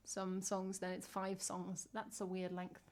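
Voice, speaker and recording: A woman's voice: medium pitch, monotone, a little slow, darkish tone. A young woman from England, a singer-songwriter chatting casually on a livestream, self-mocking and answering her chat.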